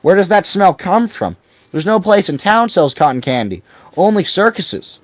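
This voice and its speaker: A man doing a tearful aging barber, pitched up. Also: sing-song, normal speed, no echo. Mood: wistful. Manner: wistful, questioning. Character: tearful aging small-town male barber.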